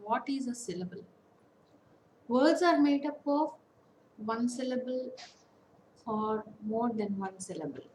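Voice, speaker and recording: A woman giving an online lecture, slowly listing example words one by one with pauses. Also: a little high, a little mellow, reverberant, slight background noise, low-quality recording. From India. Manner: slow, deliberate, lists words one by one with pauses. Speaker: academic counsellor. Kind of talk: online lecture on English phonetics.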